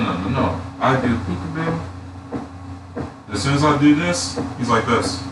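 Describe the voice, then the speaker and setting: Laughing, swearing man in his twenties. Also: mid-range voice. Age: 20s. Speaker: streamer. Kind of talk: casual chat. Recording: echoey room, far from mic, noisy.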